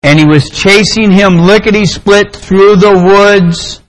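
A man pastor preaching a sermon, praying and telling a story in an earnest, deliberate way. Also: sits high, poor audio. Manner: slow, deliberate, earnest delivery.

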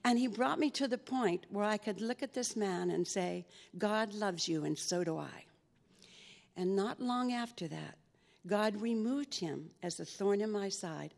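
A woman tells her faith testimony as an earnest story, acting out the conversations she had. Her mid-pitched voice has a gravelly edge. She is heard with a long reverb, as if in a large hall. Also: a little mellow. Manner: earnest, re-enacts conversations in dialogue. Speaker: speaker sharing a personal faith testimony.

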